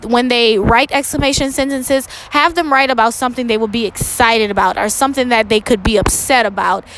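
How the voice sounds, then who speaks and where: A woman teaching first grade, giving a recorded lesson for parents and students in a slow, clear and instructive way, stressing words for young pupils. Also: fairly high pitch, fairly even intonation, fairly bright tone, slight background noise, low-quality recording.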